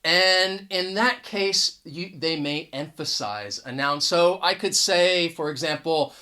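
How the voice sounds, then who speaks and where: This is an English teacher giving a relaxed video lesson straight to the camera. The delivery is chatty and unscripted, with frequent small restarts and extra weight on the key points. The pitch sits in a middle range, neither high nor low. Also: a little slow, hardly any pauses. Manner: conversational, restarts words often, stresses key points. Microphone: camera mic.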